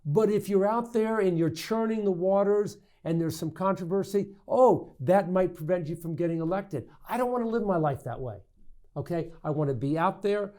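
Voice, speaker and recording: A man's voice: high voice, moderate pace. Middle-aged man telling stories animatedly. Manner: animated anecdotes, frequent restarts and stammers. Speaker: state senator, podcast guest. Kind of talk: candid interview storytelling.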